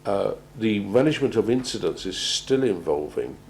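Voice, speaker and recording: A man gives a measured talk on crisis planning, often pausing and repeating words as he goes. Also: lowish voice, lively intonation, darkish tone, a little hiss or hum, poor audio. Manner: measured, halting, repeats words while finding them. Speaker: presenter on organisational crisis planning. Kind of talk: prepared talk to an audience.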